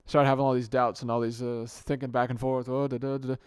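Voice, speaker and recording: A man's voice: medium pitch, flat delivery, fast, smooth, dry recording, clean studio sound. A young man hosting his own podcast, talking off the cuff on a good microphone, rambling and often restarting or correcting himself mid-sentence. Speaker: podcast host. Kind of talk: casual solo podcast monologue.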